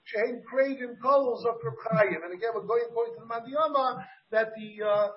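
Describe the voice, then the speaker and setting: A man's voice: extremely high pitch, brisk. A man with an American accent and Yiddish-Hebrew pronunciation teaches a Talmud class, thinking aloud and asking his students questions. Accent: American English with Yiddish-Hebrew pronunciation. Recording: dull, muffled class recording.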